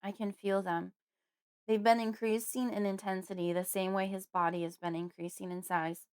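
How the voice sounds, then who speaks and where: A woman giving measured first-person narration of a horror audiobook. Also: medium pitch, level tone, a little mellow, clear, resonant tone. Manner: measured, storytelling.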